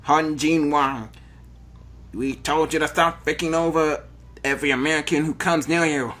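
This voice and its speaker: A man voicing a gruff, mocking male guard in a read-aloud text game, barely changing his own voice. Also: on the high side, fairly even intonation, moderate pace, fairly bright tone, close to an everyday voice.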